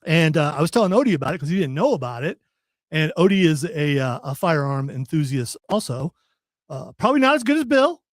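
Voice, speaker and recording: A man's voice: a little high, sing-song, a little fast, no room sound. A man hosting a radio talk show in a studio, joking and upbeat with his co-hosts. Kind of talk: casual radio banter. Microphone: studio microphone.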